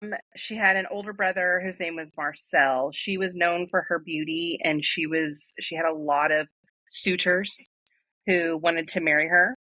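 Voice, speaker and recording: Woman podcast host, lowish bright voice, dry close mic, loose casual storyteller. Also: fairly even intonation, normal speed, no room sound. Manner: loose, informal storytelling with fillers.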